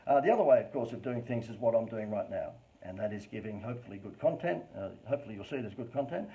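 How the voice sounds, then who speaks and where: A man with an Australian accent giving a live-streamed business talk as a marketing presenter, with animated, over-the-top inflection and chatty, informal asides. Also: on the low side, fast, muffled recording.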